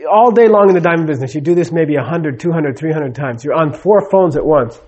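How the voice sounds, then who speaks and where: Guy giving a spiritual talk live, slightly high voice, keeps asking the room "okay?", acts out little stories. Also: lively intonation, fairly quick, darkish tone, highs cut off. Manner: conversational, often checks in with the audience; tells stories with acted-out dialogue. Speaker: spiritual teacher.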